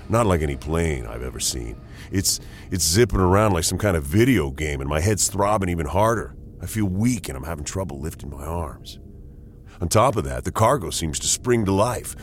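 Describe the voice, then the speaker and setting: A man's voice: deep voice, a little hiss or hum. A man narrating a first-person paranormal story with a tense, dramatic delivery.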